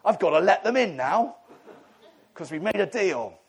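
A man's voice: high voice, very animated, moderate pace, vocal fry, breathy edge, full character voice. A man voicing God the father as grudging and exasperated, exclaiming in a comic way.

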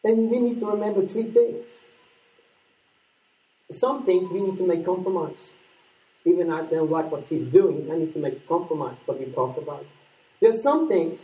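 A man with a Dutch accent, a native Dutch speaker, preaching a sermon as an animated storyteller who acts out quoted lines. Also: high-pitched, moderate pace, echoey room, distant mic, rough recording. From Netherlands.

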